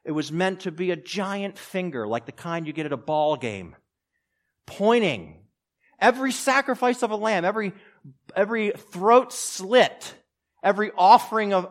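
A man preaching a sermon, swinging between loud, raised passages and quiet, low asides. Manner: preaching with strong rises and drops in pitch and loudness. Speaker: pastor.

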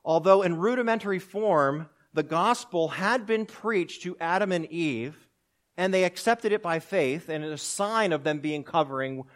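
A man preaching a sermon, building drama as he quotes and answers rhetorical questions. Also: a little high. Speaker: pastor.

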